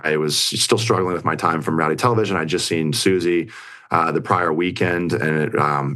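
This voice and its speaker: A man's voice: sits low, fairly bright tone. A young man, an interview guest, retelling a story in a rambling way full of fillers and quoted lines.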